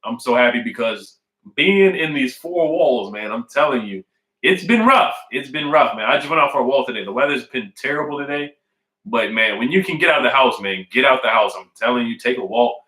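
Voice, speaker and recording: A man's voice: medium pitch, brisk, sharp tone, reverberant, poor audio. A man casually chatting on a live stream, reading fan comments and repeating his points with emphasis. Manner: repetitive, emphatic, says "man" and "I really do" often. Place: at home indoors.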